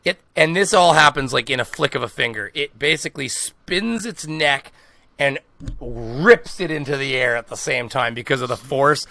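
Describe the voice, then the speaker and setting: Man, bright forceful voice, dry close sound, animated storyteller, casual podcast chat. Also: medium pitch, moderate pace, gravelly, no room sound. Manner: animated, swearing, laughing storyteller. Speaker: podcast co-host.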